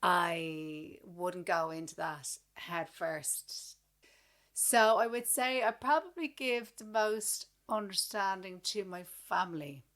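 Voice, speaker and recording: A woman in her thirties with an Irish accent, co-hosting a podcast and chatting casually, blunt and animated as she acts out what people said. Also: on the low side, takes it slowly. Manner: blunt, animated storytelling with acted-out quotes. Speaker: podcast co-host. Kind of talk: casual chat.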